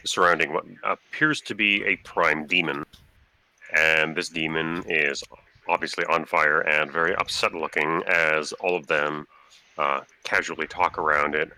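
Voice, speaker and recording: A man's voice: a bass voice, sharp tone. A man narrating as game master in a tabletop game, speaking loosely with lots of fillers.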